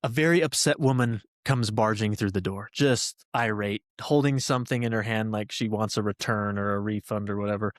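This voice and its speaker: A man's voice: fairly low pitch, a little fast, few pauses, dry recording, clean studio sound. A man hosting a podcast, earnestly telling a personal story in conversation, with many fillers along the way. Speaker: podcast host.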